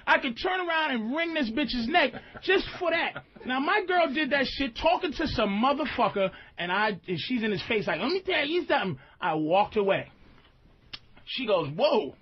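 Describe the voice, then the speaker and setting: Husky high-voiced man ranting on radio. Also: lively intonation, moderate pace, dry recording, highs cut off. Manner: profane, emphatic, ranting. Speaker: radio host. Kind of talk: comedic radio rant.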